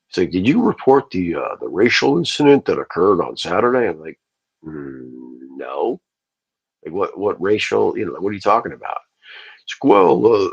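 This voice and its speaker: Male livestream host, low husky voice, loose profane storyteller. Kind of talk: casual ranting livestream.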